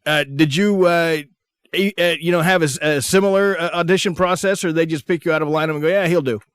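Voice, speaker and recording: A man's voice: fairly high pitch, fairly even intonation, fast talker, a bit bright, clear, resonant tone, dry recording, clean studio sound. A man hosting a radio interview, asking long, rambling questions full of fillers. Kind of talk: casual interview.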